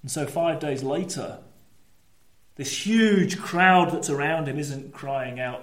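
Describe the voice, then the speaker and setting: Animated high-voiced male preacher in echoey church. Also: slow. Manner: animated, swings between lively storytelling and low emphatic asides. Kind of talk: sermon.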